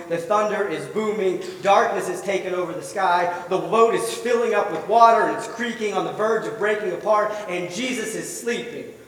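A man preaching a sermon, retelling a story vividly and asking the listeners rhetorical questions. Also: high-pitched. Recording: echoey hall, voice from far off.

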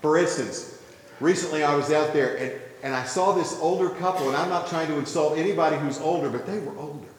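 Storytelling pastor in an echoey hall. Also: male voice, on the high side, fairly quick, noisy background. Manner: storytelling, building to gentle humor then earnest teaching. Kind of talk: sermon. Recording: very echoey hall with long reverb.

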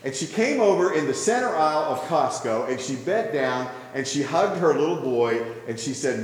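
A male pastor delivers a sermon in a somewhat high voice, telling a story with gentle humor before turning to earnest teaching. His voice fills a large hall, with heavy echo and a long reverb trail. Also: expressive, normal speed, hardly any pauses, a little hiss or hum.

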